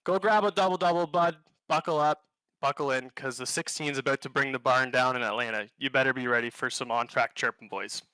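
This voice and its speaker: A man's voice: medium pitch, brisk, sharp tone, clear, resonant tone, no echo, low-quality recording. A Canadian man giving a comic, alliterative trash-talk intro as a league racer. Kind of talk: scripted comic hype intro.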